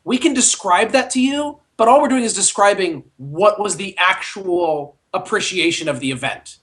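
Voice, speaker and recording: A man's voice: high-pitched, lively intonation, normal speed, a bit bright. A man co-hosting a movie podcast in casual chat, rambling and thoughtful, often stopping to search for words. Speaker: podcast co-host.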